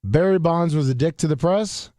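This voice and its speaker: A man co-hosting a casual sports talk show, halting, with lots of restarts, his voice worn from yelling. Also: fairly high pitch, dry recording, studio quality. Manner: halting, with many restarts and fillers. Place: radio studio.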